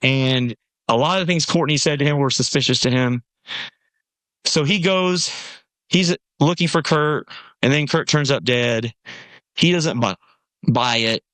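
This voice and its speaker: A man from Nashville, USA, tells a long story as a podcast guest in a casual conversation, animatedly acting out the people he quotes. His voice is medium-pitched and unhurried, he pauses often, and there's no echo.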